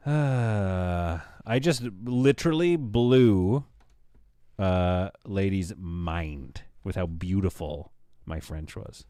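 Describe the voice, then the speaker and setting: A man in his thirties, worn out from staying up all night, chats loosely on a live stream, joking, rambling and talking to his chat. His voice is deep, mellow and clear with a resonant tone. The recording is studio quality with no echo.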